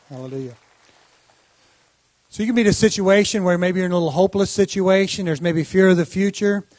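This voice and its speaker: A man's voice: sits high, a little mellow, no echo. A man preaching an encouraging sermon as the pastor after a guest testimony. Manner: encouraging preaching, quick bursts of speech.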